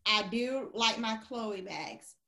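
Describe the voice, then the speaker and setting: A woman co-hosting a podcast, chatting casually and animatedly with quick restarts. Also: fairly high pitch, animated, sharp tone, reverberant. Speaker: podcast co-host. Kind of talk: casual chat.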